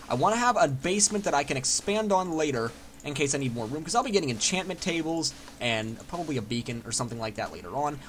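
A young man giving casual, excitable commentary while playing a building game, chatting to himself and swearing freely. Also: fairly high pitch, a little hiss or hum. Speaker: Minecraft let's player.

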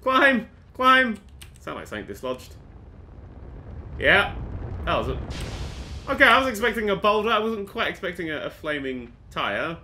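A man's voice: a little high, big pitch swings, normal speed, long pauses, bright, forceful tone, slight background noise. Jumpy swearing man gaming. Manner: jumpy, swearing, talks to himself. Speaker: gaming channel host. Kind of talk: let's play commentary.

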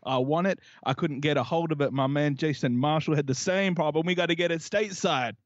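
A man's voice: on the high side, brisk, no echo, muffled recording. A man from New Zealand with a New Zealand accent, a podcast guest chatting playfully and riffing on jokes. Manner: playful, jokey, riffs and repeats himself. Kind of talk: casual podcast chat.

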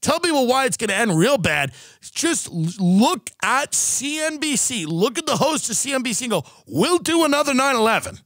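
A man's voice: extremely high pitch, big pitch swings, moderate pace, a bit bright, no room sound, clean studio sound. A man hosting a podcast, delivering a sarcastic, profane comedic rant. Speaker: podcast host.

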